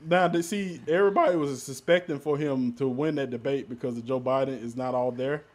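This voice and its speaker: A man hosting a casual podcast chat, playful and loud, laughing easily. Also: medium pitch, a little fast. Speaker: podcast host.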